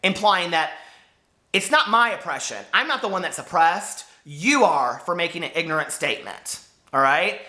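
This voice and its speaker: Squeaky high-voiced guy, 40s, bright voice, fired up and hurt, echoey room. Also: animated, normal speed. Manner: impassioned and hurt, swearing. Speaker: book vlogger. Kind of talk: emotional vlog rant to camera.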